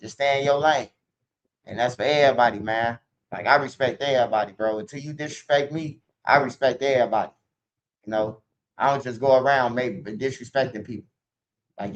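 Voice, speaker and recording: A man's voice: mid-range voice, lo-fi sound. Man ranting in profane street slang. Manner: rambling, profane street slang, repeats himself. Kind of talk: casual rant.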